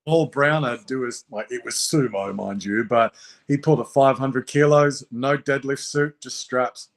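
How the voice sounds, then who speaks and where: A young man talking shop in a relaxed interview, at a middle pitch. He wanders through his thoughts with lots of ums and restarts. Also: a little slow, creaky. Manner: thoughtful, rambling with many fillers. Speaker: guest arm wrestler. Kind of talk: casual interview talk.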